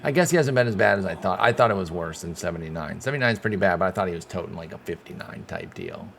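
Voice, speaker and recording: A man giving casual play-by-play commentary while playing a baseball game, excitable and swearing when things go wrong. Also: sits low, rapid-fire, creaky, a little hiss or hum. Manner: excitable, swears when frustrated, talks to himself. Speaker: gaming channel host.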